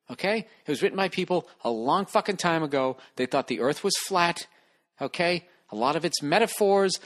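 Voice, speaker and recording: Male podcast host, slightly high voice, exasperated profane comic rant. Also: a bit bright. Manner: profane, exasperated, reading a listener email.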